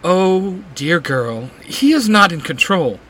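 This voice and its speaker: A man's voice: high voice, big pitch swings, slow, fairly bright tone, full character voice. A man voicing a taunting evil sorceress. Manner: taunting, condescending. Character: cold mocking female villain possessing a young man.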